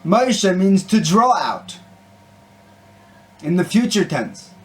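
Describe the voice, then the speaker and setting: A man's voice: high-pitched, very animated, takes it slowly. A man giving a short, conversational Torah talk and story, peppered with Hebrew and Yiddish terms. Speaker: Torah teacher and singer. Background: guitar music.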